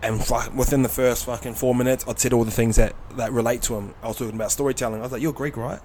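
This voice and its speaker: A man's voice: medium pitch, rapid-fire, slight background noise. A man from New chatting on a podcast, swearing casually and acting out stories. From New Zealand. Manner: swearing, animated retelling of stories. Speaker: podcast guest. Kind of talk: casual chat.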